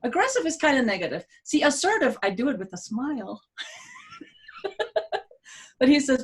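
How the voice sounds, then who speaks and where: A woman's voice: high voice, very animated, normal speed, long pauses. Blunt, laughing woman guest. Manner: straightforward, blunt, laughs a lot. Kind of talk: casual chat.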